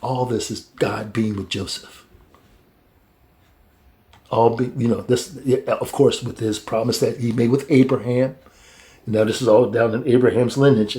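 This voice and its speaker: A man teaching a casual Bible study in a colloquial, halting way, with many restarts and chuckles between points. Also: mid-range voice, mellow.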